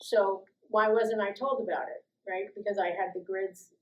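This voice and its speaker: Older woman, mid-pitched, from the US East Coast, animated storyteller who acts out quotes. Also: moderate pace, lo-fi sound. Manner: lively, acts out quoted voices, laughs often. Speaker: guest speaker sharing life stories. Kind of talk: personal storytelling talk.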